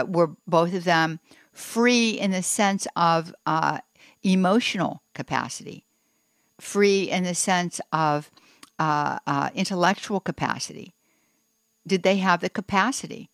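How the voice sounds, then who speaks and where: A woman radio host speaks from her study, working through church teaching with many pauses and restarts. Her voice is lower than most, and the recording is close and dry. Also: dry recording. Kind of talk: Catholic call-in radio. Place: home study.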